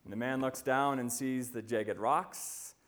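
A man preaching a sermon as a visiting pastor, telling stories and slowing down to stress key lines. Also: mid-range voice, steady tone, fairly bright tone. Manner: storytelling, slowing right down for emphasis.

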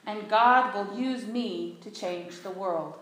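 A woman's voice: mid-range voice, slow, noisy background. A woman preacher delivering an earnest sermon in a church sanctuary, leading the congregation in call-and-response. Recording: very echoey church hall.

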